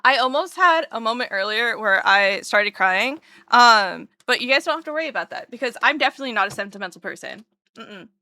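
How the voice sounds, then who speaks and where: A young woman chats casually with her live viewers, bubbly and quick to get excited, tossing in self-mocking jokes. Her voice sits fairly high and sounds bright and forceful. The sound is dry, with no room around it. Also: no room sound. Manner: bubbly and excitable, voice leaps up when greeting viewers; jokey, self-mocking asides. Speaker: livestreamer.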